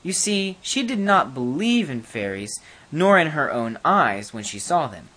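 A narrator reading a fairy tale aloud in an expressive, animated way. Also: mid-range voice, a little slow, slightly rough.

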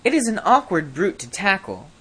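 A storybook reader voicing a scheming, self-serving old king who gives brisk, bossy orders. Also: mid-range voice, very animated, a bit bright, breathy edge, voice pushed up, low-quality recording.

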